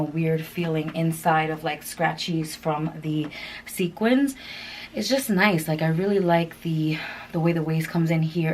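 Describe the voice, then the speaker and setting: Woman, fashion vlogger, try-on haul, gushing, lowish voice, faint background noise. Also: a little mellow, rough recording. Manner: gushing, chatty, many fillers.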